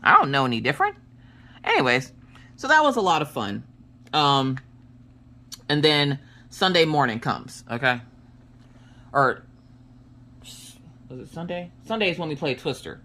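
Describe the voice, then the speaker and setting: A woman in her thirties chatting casually while she works on a craft project, telling family stories in an animated way. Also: low voice, measured pace, long pauses. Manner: animated storyteller, acts out family quotes. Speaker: crafting vlogger. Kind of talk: casual chat while diamond painting.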